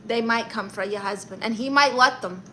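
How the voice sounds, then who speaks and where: A woman's voice: on the high side, sharp tone, a little hiss or hum. Woman playing a brassy Brooklyn auntie. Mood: sassy. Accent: Brooklyn New York. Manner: sassy, brassy, quick comebacks. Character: brash Brooklyn aunt who plays a self-appointed therapist. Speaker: comedian doing a character livestream. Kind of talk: character comedy livestream reading chat comments.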